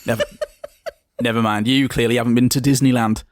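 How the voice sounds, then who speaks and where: A man's voice: medium pitch, fairly even intonation, a little fast, no room sound, studio quality, close to an everyday voice. Man playing a pompous businessman. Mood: condescending. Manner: haughty, condescending. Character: pompous entitled businessman in a suit.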